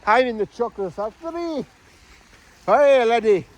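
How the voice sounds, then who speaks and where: A man's voice: very high-pitched, animated, moderate pace, rough recording. A man putting on a jokey Scottish chocolate cook. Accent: Scottish, put on. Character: boastful Scottish chocolate factory cook, male.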